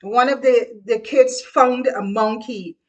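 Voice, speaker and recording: A woman's voice: fairly high pitch, fairly even intonation, distant mic, lo-fi sound. Woman telling childhood stories. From Guyana. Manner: slow, earnest, addresses listeners directly. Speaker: speaker sharing childhood stories. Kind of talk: reflective storytelling to viewers.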